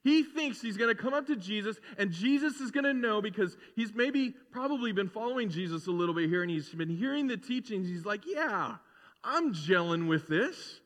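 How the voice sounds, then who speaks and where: A man's voice: high voice, brisk, few pauses, big-room sound. A man preaching a sermon as pastor, reading scripture and then talking conversationally, acting out bits of dialogue. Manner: conversational preaching with playful acted-out voices.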